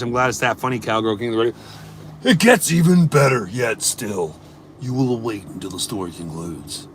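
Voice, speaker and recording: A man's voice: medium pitch, a bit bright, a little hiss or hum. A man telling a long story on a casual live stream, acting out his own thoughts as he rambles through it. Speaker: livestreamer reading chat.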